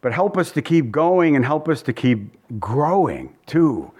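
A man's voice: fairly high pitch, very animated, measured pace, a little mellow, husky. Folksy man teaching the Bible. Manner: folksy, conversational, repeats phrases. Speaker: pastor.

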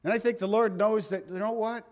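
A man preaching a sermon, swinging between loud emphatic lines and hushed soft ones. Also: sits high, fairly even intonation, brisk. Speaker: pastor.

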